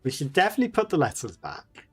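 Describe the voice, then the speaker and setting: A man hosting a let's play, reading in-game letters and clues aloud haltingly, with fillers and self-corrections. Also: on the high side, huge pitch swings, creaky, slightly rough, soft background music.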